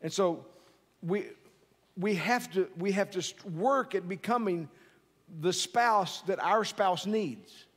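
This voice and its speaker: A man's voice: sits high, slow, a bit bright. A middle-aged man preaching a sermon in a conversational, joking way, often asking the audience questions. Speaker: pastor. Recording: long hall reverb.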